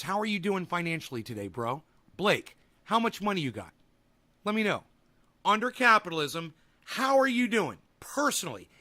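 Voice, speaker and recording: A livestream host with a slightly high, bright and forceful male voice reads comments from the chat and responds to them, rambling along in a combative, profanity-laced way.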